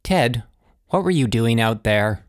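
A man voicing an anxious, scolding suburban housewife and mother in an audiobook, somewhat higher than his own voice. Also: expressive, measured pace, dry recording, clean studio sound, lightly acted. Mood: uneasy. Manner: sharp, fussing and scolding. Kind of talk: audiobook character voice.

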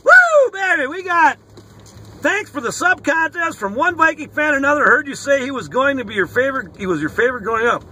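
An excitable man with a very high, lively voice hollers and swears as he opens mail of sports cards in a casual vlog recorded inside a car. He talks quickly, rock music plays faintly in the background, and there's a little hiss or hum.

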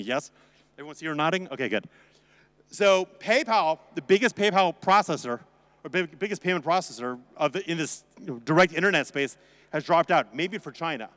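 A man's voice: on the high side, a bit bright. A man giving a conference talk in a sarcastic, joking, conversational way, with a long hall reverb on the recording. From United States. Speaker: conference speaker.

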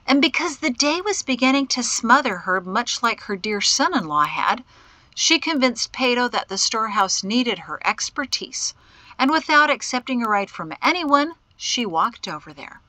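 A woman reads a novel aloud in expressive, scripted narration. Her voice is bright and a little higher than most, recorded close and dry on a studio mic. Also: dry recording. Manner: expressive, voicing characters. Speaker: audiobook narrator.

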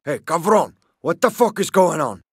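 An actor playing a hot-tempered gangster who barks threats in mixed English and Spanish. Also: male voice, on the high side, animated, normal speed, breathy edge, dry recording, clean studio sound. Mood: menacing.

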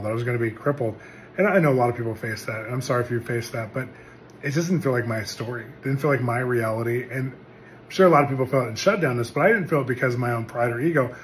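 A middle-aged male pastor telling a personal testimony in an earnest, animated storytelling way. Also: medium pitch, a little hiss or hum. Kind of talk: testimony sermon.

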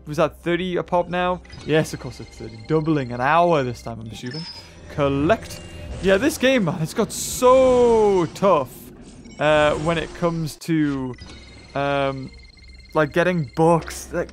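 A man hosting a let's-play, rambling excitably as he thinks aloud and corrects himself. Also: fairly high pitch. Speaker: gaming channel host. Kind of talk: let's-play game commentary.

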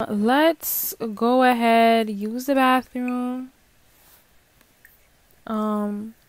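Young woman let's-play host, chatty and slow, a bit high, dry close mic. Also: dry recording. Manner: chatty, reacts aloud, swears casually. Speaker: gaming channel host. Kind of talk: casual let's play commentary.

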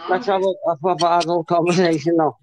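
A man in an online group chat, trying to calm the others down. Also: high-pitched, fast, background noise. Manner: calming, mediating. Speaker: livestream participant.

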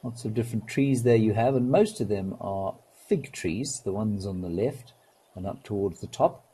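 Mellow, husky-voiced male wildlife host. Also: lowish voice, normal speed, poor audio. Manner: relaxed, gently wry, chatty. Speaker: host of a live wildlife stream. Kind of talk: live nature commentary with viewer greetings.

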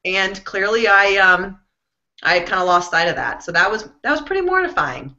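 A woman's voice: mid-range voice, normal speed. A woman in her thirties, a guest author telling funny, self-mocking stories in a casual interview. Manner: animated, self-mocking storyteller. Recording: dull lo-fi sound.

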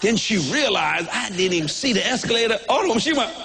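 A man preaching a sermon, telling a comic story in a folksy, animated way, often shouting and laughing. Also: high voice, fairly quick, creaky, a crowd in the background. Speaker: pastor.

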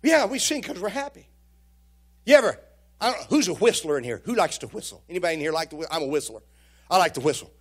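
In a church sanctuary, a pastor preaches a sermon, telling folksy stories, joking with the congregation and often repeating his words. His voice is high-pitched and sing-song, with a breathy edge, and he talks fast.

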